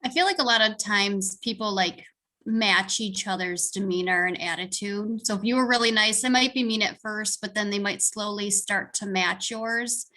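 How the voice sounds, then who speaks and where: A woman's voice: mid-range voice, moderate pace, bright, forceful tone. A woman in a workshop casually explaining her view to the group. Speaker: workshop participant. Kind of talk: classroom discussion.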